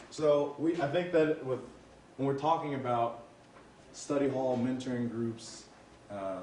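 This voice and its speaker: A man's voice: mid-range voice, darkish tone, recorded from a distance, a little hiss or hum. A man facilitating a live training workshop. He talks conversationally, with frequent "right?" tags and restarts. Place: large room with audience. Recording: roomy, from off-mic.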